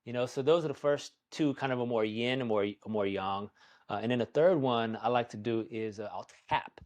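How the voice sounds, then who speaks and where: A man teaching qigong in a conversation, calm and soothing, who often checks in with "right?". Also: mid-range voice, normal speed. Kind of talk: guided practice in conversation.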